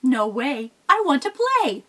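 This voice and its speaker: A woman voicing a small, stubborn, playful billy goat in an oral storytelling performance, with a high, sing-song defiance. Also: sing-song, slow, a bit bright, exaggerated voice. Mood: defiant.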